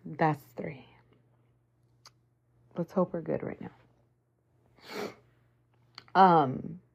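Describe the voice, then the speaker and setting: A woman preaching a fierce, profane spiritual message, leaning hard on drawn-out words. She speaks slowly, pitched a little low. The recording sounds dull and lo-fi. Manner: intense, swearing, drawn-out emphatic phrases. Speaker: spiritual vlogger.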